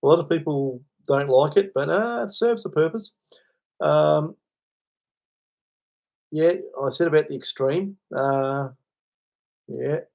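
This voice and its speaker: A man's voice: a little high, takes it slowly, gravelly, long pauses, a little mellow. A man hosting a casual livestream, rambling, chuckling and answering chat comments. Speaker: livestream host.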